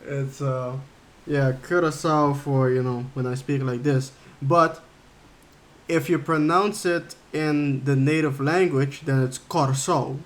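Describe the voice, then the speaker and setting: A man's voice: medium pitch, steady tone, takes it slowly. A man livestreaming a game, chatting casually and rambling as he thinks aloud while reading chat. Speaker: game streamer.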